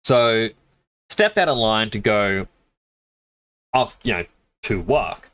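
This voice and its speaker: A man streaming a game, sniffling a little and telling rambling stories with quick laughs into a desk mic. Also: fairly low pitch, lively intonation, fairly bright tone, clear, resonant tone. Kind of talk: casual chat while gaming.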